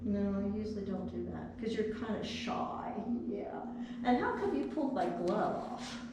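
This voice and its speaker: A woman puppeteer coaxes her puppet gently, with a lively, high-leaning voice. She is heard from a distance in a very echoey chapel, with faint noise behind. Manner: gentle, coaxing, talks to the puppet. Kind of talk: children's puppet show.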